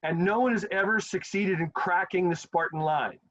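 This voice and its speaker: A man teaching history, telling the story casually and acting out quotes with lively, animated delivery. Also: high-pitched, moderate pace. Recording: dull lo-fi sound.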